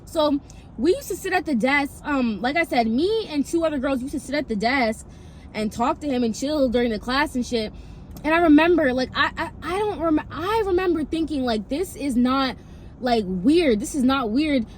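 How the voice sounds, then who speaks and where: Chatty high-voiced young woman. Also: a little hiss or hum. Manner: rambling, lots of filler, swearing, quick pitch jumps. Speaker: vlogger. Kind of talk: casual story time.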